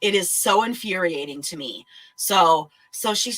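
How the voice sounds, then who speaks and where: A woman telling a story in a blunt, animated way and swearing freely. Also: on the low side, a little slow, a little hiss or hum, rough recording. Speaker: vlogger. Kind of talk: casual chat, ranting story.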